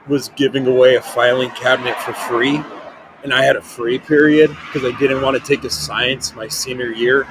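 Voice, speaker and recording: Young male podcast host, casual storyteller, filler-heavy, mid pitch, light hiss. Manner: rambling, lots of "like" fillers, animated quoting.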